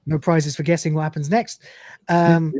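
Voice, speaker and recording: A man's voice: a little high, level tone, moderate pace, darkish tone, no echo. A man hosting a live show, narrating scenes and reading lines aloud, with fillers. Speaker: podcast host. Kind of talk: live episode recap chat.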